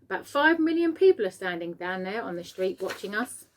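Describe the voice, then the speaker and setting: Fearful storybook fire chief, shouty, read by a woman. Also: medium pitch, very animated, brisk, a little hiss or hum, close to an everyday voice. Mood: grim. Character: frightened blustering male fire chief.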